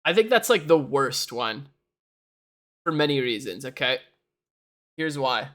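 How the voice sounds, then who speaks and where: A man's voice: mid-range voice, very animated, measured pace, fairly bright tone. A young man chatting casually on a live stream, rambling and laughing often. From Canada. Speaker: livestreamer.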